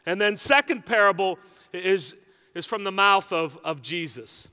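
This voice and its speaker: A man's voice: sits high, expressive, a little slow, sharp tone, clean tone, in a large hall. A male pastor preaching a sermon in a conversational, joking way, often checking in with the congregation. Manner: conversational and joking, with frequent "right?" asides.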